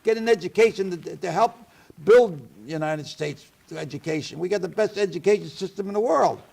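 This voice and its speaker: Gravelly-voiced chatty man hosting. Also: high voice, brisk, a little mellow. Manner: chatty, rambling, opinionated. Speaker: talk show host. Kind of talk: casual talk show conversation.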